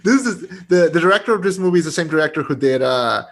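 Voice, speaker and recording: A young man chatting loosely about a film on a podcast. His voice sits a little high, and he talks in loose, restarting bursts, laughing as he goes. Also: lively intonation, fast, fairly bright tone. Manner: rambling, restarts, laughs often. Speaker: podcast co-host. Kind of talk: casual movie review chat.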